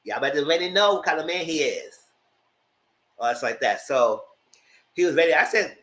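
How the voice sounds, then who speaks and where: A man giving a chatty, animated recap of a TV show, talking straight to his viewers. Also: fairly high pitch, normal speed, pauses often. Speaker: vlogger recapping a reality show. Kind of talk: casual commentary. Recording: roomy echo.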